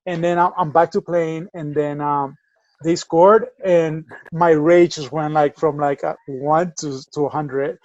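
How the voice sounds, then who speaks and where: A man co-hosting a soccer podcast, telling animated stories in casual chat over a remote link. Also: a little high, unhurried, no room sound. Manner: animated storyteller. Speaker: podcast co-host. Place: home, remote call. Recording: dull lo-fi remote audio.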